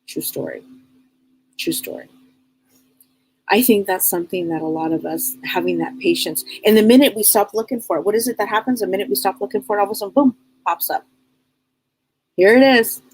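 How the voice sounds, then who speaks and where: A woman's voice: medium pitch, fast talker, darkish tone, breathy edge, poor audio. A middle-aged woman hosting a live psychic advice stream, talking bluntly and casually, repeating herself and firing off rhetorical questions. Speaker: psychic reader and show host.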